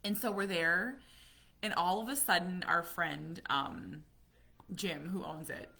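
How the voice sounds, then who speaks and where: A middle-aged American woman telling stories in a casual live chat, animated and acting out what people said. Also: on the low side, takes it slowly, gravelly, breathy edge. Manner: storytelling, animated, acts out quotes. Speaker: vlogger, autism parent.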